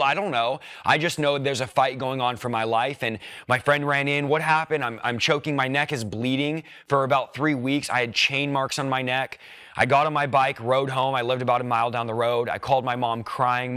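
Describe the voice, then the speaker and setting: A young man telling his personal testimony in an earnest storytelling manner, with quick bursts. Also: mid-range voice, fairly even intonation, a bit bright, no room sound, clean studio sound. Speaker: preacher.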